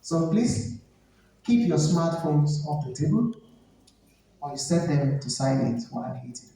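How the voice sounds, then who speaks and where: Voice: mid-range voice, big pitch swings, measured pace, dark tone. A speaker with a Nigerian accent giving an emphatic, instructive seminar talk to students, repeating key points. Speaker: etiquette trainer. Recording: echoey hall, speaker far from mic.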